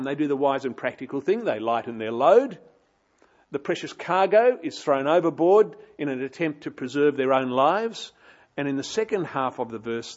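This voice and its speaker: A man's voice: fairly high pitch, muffled recording. A man preaching an expository sermon, dramatic with rising and falling emphasis.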